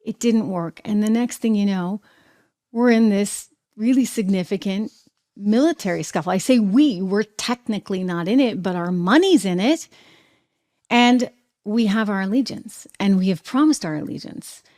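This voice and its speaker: A woman with a New Hampshire accent hosting an opinionated political commentary show, talking in an animated, sarcastic way. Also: medium pitch, moderate pace. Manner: animated, sarcastic, mimics people, laughs often.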